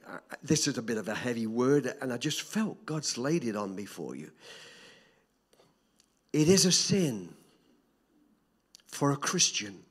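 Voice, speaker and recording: An older man preaching a sermon, swinging between loud emphatic repetition and soft hushed drops. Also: mid-range voice, husky.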